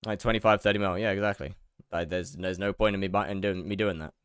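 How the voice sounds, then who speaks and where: A man's voice: low-pitched, steady tone, fast, clean tone, no echo, clean studio sound. A young man chatting casually while he streams a game, rambling, repeating words and answering his chat.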